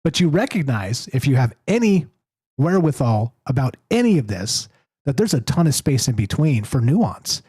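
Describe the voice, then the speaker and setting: A man hosting a call-in show, talking in an animated, emphatic way about ideas. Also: medium pitch, moderate pace, breathy edge, no echo. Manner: animated, emphatic, rising to exasperated. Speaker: show host. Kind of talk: casual call-in chat.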